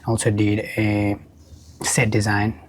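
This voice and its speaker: A man's voice: lowish voice, monotone, unhurried, slight background noise. A man hosting a casual podcast interview, upbeat and friendly, with slightly non-native phrasing. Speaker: podcast host.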